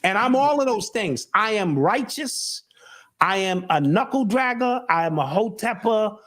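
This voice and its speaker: A man's voice: high-pitched, animated, unhurried, a bit bright. A middle-aged man in casual chat, talking earnestly and a bit preachily, often repeating words as he restarts. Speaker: show host and guest.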